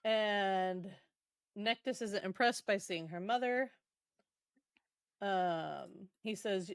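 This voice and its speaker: A woman's voice: medium pitch, very slow, long pauses, clean tone, no echo, clean studio sound. A woman hosting a podcast, casually recapping a book in a chatty, irreverent way, swearing and laughing along. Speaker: podcast host.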